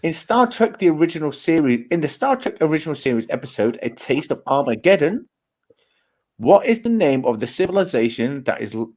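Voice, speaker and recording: A man's voice: a little high, sing-song, fairly quick, darkish tone. A man hosting a casual trivia quiz and teasing the players. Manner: joking, teasing. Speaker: quiz host.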